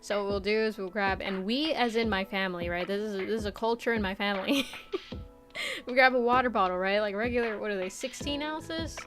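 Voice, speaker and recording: A young woman from the Midwest streaming a casual chat, animated and chatty, laughing often as she reads chat aloud. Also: mid-range voice, a little fast, music in the background. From Midwest United States.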